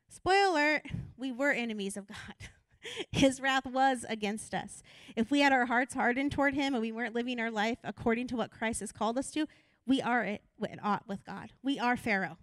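A woman's voice: fairly high pitch, normal speed, no room sound. A woman assistant pastor preaching a sermon in an earnest, conversational way that builds to urgent appeals.

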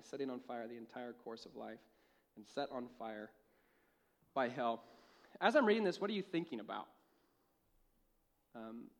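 A young man preaching a sermon in a church, telling a lively personal story and laughing at his own jokes. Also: medium pitch. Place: church with a live audience.

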